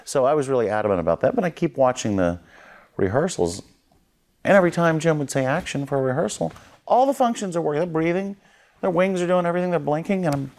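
A medium-pitched, slightly fast-talking man recalls working on a film shoot as a creature effects artist in a documentary interview. Animated and self-mocking, he laughs as he reenacts what others said.

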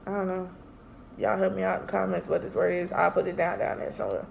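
A young woman vlogging a casual product review, chatty and excitable, often calling her viewers y'all. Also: lowish voice, quick pace, gravelly, slight background noise.

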